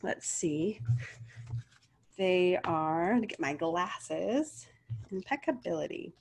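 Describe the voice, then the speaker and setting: A woman's voice: lowish voice, lively intonation, slow pace, darkish tone, slight background noise. A middle-aged woman talking casually and earnestly as a spiritual coach and card reader, rambling a little. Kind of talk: casual spiritual vlog talk. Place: home video setup.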